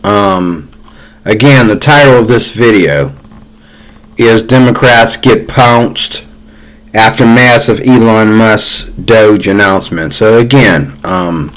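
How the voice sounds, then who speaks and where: A man's voice: fairly low pitch, slow, a bit bright, rough recording. A man hosting a commentary channel, reacting heatedly to news clips in a casual, repetitive way. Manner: heated, repetitive, conversational with fillers.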